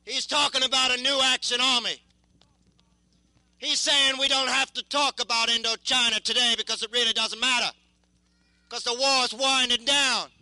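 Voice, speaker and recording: Casting: young male war veteran, very high bright voice, intense and halting, dry close sound. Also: fairly even intonation, no room sound, poor audio. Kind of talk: impassioned spoken testimony.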